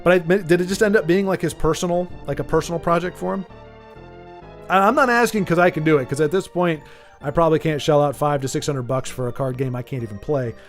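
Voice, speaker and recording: Faint game music runs beneath this casual livestream, where a fairly high-voiced American man speaks at a quick pace. He jokes, wanders from topic to topic, and calls out viewers directly by name.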